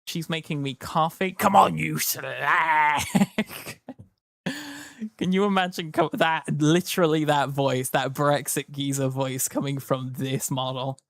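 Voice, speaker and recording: A man's voice: fairly high pitch, little pitch movement, normal speed, few pauses, no room sound, studio quality. A tired man chatting casually to his live-stream audience, rambling and joking. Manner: rambling, jokey, slips into silly voices. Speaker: livestreamer.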